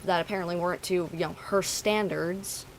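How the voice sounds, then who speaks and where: A woman's voice: fairly low pitch, fairly even intonation, a little fast, a little hiss or hum, rough recording. A woman streamer talking to her chat, venting bluntly and swearing freely. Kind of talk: casual talk to stream chat.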